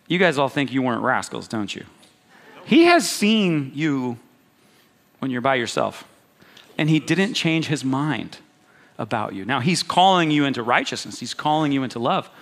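A man's voice: high voice, sharp tone, big-room sound. A man preaching a sermon as pastor, talking in a conversational, humorous way and often checking in with his congregation.

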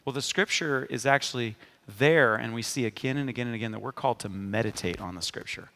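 A man's voice: medium pitch, quick pace, bright, forceful tone, big-room sound. A man preaching a sermon, emphatic, often turning to the congregation with a questioning 'amen?'. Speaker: pastor.

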